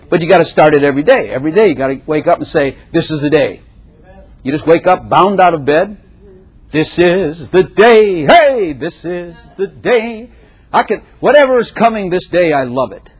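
An older man preaching a sermon to a congregation, animated and exhorting, often acting out prayers in his own voice. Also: high-pitched, husky.

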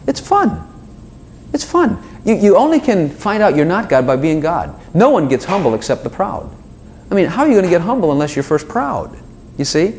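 A man's voice: on the high side, fairly quick, slight background noise. A man giving an informal sermon to a small group, talking straight to his listeners with lots of asides and little acted dialogues. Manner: animated, talks directly to listeners with frequent asides and acted dialogues. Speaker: preacher.

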